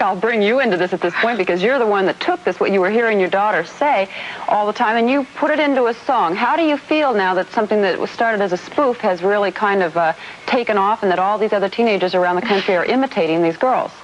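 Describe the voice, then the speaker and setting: A woman's voice: mid-range voice, animated, fast talker. A woman hosting a morning TV show, introducing guests and asking probing questions. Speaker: TV news anchor. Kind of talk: morning TV interview. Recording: dull broadcast audio, faint hiss.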